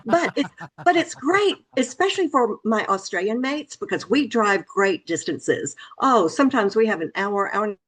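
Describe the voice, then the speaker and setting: A woman's voice: mid-range voice, lively intonation, normal speed, few pauses, fairly bright tone. Earnest, emphatic woman author. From Memphis, Tennessee. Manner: earnest, emphatic, repeats phrases for stress. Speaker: author guest. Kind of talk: interview conversation.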